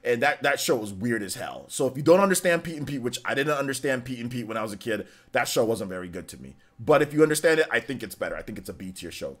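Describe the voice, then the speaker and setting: A man hosting a casual live stream, telling stories with animated energy and breaking into shouts when excited. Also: mid-range voice. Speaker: livestream host.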